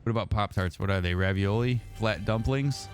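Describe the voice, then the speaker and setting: A man's voice: fairly low pitch, normal speed, over music. A man from Indiana, a therapist streaming a game, chatting casually and answering his chat as messages come in. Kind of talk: casual livestream chat while gaming.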